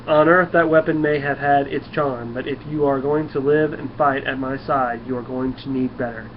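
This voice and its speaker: A man's voice: medium pitch, fairly even intonation, normal speed, lightly acted. A man voicing a stern, commanding alien warrior from a comic, giving blunt, clipped orders. The voice stays close to the man's own. The recording is a bit dull, with a faint hiss.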